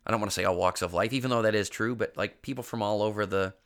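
A young man with a bright, forceful voice tells a long, rambling story at a casual pace. He sounds congested from an illness he is getting over. He mocks himself and swears freely. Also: fairly low pitch, fast talker. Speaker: podcast host.

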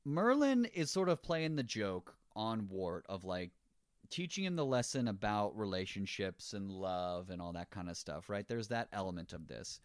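A man talks through a film with a friend in an easy, casual way. His pitch leaps around as he gets animated and now and then acts out a line. The sound is dry and close, with no room around it. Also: moderate pace, no echo. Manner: animated, laughs often, acts out quoted lines. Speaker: podcast co-host. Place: living in a city.

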